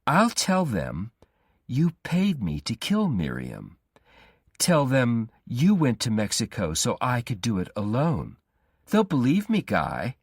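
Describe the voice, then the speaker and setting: Man voicing an obsessive young male stalker, raised pitch, pleading and threatening, storybook reading, breathy. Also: huge pitch swings, slow, no room sound, studio quality, full character voice. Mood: insistent.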